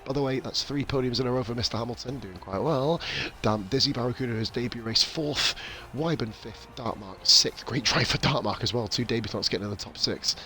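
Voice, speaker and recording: Bloke hosting a racing stream, bright edgy voice, swears a lot, cheeky banter. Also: male voice, mid-range voice, brisk, hardly any pauses. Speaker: league host and race commentator. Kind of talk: casual post-race live stream.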